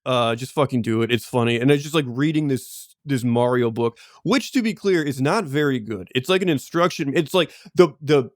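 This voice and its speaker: A man's voice: medium pitch, moderate pace, few pauses, no echo, clean studio sound. A man co-hosting a podcast, telling stories in loose, rambling casual chat full of asides and laughs. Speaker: podcast co-host.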